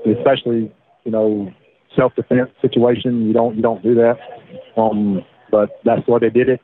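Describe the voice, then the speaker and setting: A man, recounting his past in a halting way with repeated words, over the phone. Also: mid-range voice. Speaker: interviewee, former defendant. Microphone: phone line. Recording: tinny phone line.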